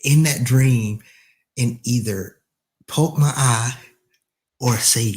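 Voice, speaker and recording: Relaxed man from Alabama chatting. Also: medium pitch, unhurried. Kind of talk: casual chat.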